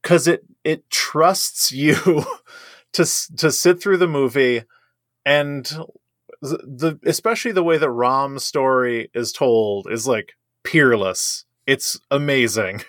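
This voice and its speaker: A man's voice: mid-range voice, slow pace, a bit bright, no echo, studio quality. A man co-hosting a casual movie review chat, enthusiastic and emphatic, laughing often. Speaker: podcast co-host.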